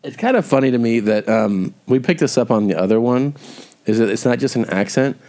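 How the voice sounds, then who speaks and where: A man co-hosting a comedy podcast, talking casually with halting restarts. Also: mid-range voice, lively intonation, darkish tone. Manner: halting, with fillers. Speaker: podcast co-host.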